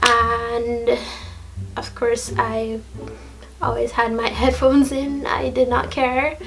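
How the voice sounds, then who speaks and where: A woman in her late twenties telling a story in a casual, animated, laughing way, full of slang. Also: a little high, takes it slowly, rough recording. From Jamaica. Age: late 20s. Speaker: vlogger.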